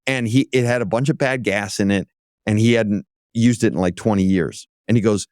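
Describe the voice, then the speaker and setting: A man, an auto executive, is a guest on an interview show, telling lively stories and acting out other people's voices. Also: fairly low pitch, fairly quick, dry recording, studio quality. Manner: lively anecdote-teller who acts out other voices. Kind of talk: casual interview storytelling.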